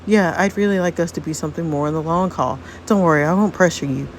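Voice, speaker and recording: A woman voicing a gentle, doting teenage boy courting a girl. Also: low voice, fast, a little hiss or hum. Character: sweet romantic teenage boy suitor.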